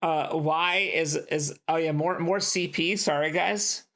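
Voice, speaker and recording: A man co-hosting a podcast, casually retelling film plots in a rambling, animated way. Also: on the high side, measured pace. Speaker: podcast co-host. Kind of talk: casual chat.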